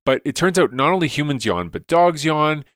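A man's voice: fairly high pitch, big pitch swings, moderate pace, fairly bright tone, no echo, clean studio sound. A man, a science educator, explaining studies enthusiastically in a casual podcast chat, with lots of "like"s and restarts.

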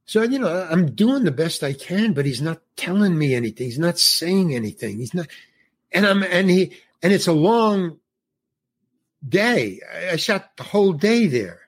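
An older man in his eighties, originally from New York, talks as a podcast guest. His voice is husky and sits a little high for a man. He tells a meandering story, slipping into the voices of people he quotes. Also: very animated, moderate pace. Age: 80s. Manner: rambling storyteller who acts out quoted dialogue. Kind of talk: casual anecdote telling.

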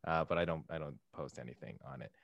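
A comedian chatting casually on a podcast in a flat, monotone voice. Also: male voice, extremely low pitch, quick pace, creaky, dry recording, highs cut off. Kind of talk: casual chat.

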